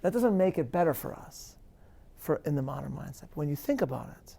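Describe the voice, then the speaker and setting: At a live interview, a rabbi answers questions in an earnest, measured lecturing manner, stressing words emphatically and often restarting. His fairly high voice is animated and mellow, with some vocal fry.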